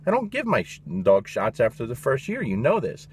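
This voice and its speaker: A man's voice: medium pitch, wildly swooping pitch, brisk, slight background noise. A man, a dog trainer, giving his opinions in a blunt, emphatic casual monologue, swearing freely.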